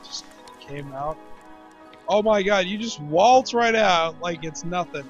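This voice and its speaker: A man's voice: high-pitched, slow pace, lo-fi sound, soft background music. A man in casual let's-play chat, rambling and jokey as he plays. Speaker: game player and channel host.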